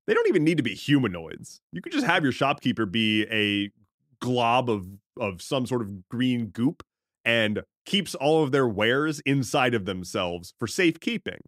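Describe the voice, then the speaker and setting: Lively, thoughtful man podcast co-host. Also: mid-range voice, moderate pace, dry recording, studio quality. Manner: thoughtful, explains at length, joking asides. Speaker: podcast co-host and game master. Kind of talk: casual podcast chat about tabletop games.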